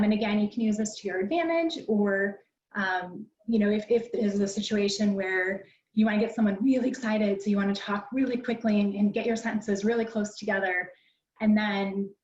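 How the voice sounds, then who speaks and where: A woman teaching presentation skills in a conversational, instructive way, often pausing on "um". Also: mid-range voice, darkish tone, far from the mic. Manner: conversational and instructive, peppered with ums. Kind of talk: online library workshop lecture. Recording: dull, roomy sound from away from the mic.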